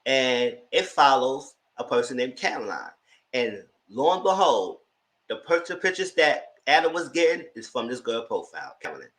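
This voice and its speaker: A man's voice: medium pitch, normal speed, low-quality recording. A man casually recapping a reality TV episode, telling it as a story and acting out the people's lines. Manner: animated storytelling, acting out quotes. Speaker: TV show reviewer.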